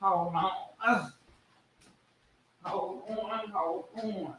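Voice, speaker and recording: A man hosting a casual livestream reacts to a song, preaching to his viewers in blunt language with plenty of swearing. His voice is high and fairly bright, he speaks very slowly, and there's slight background noise.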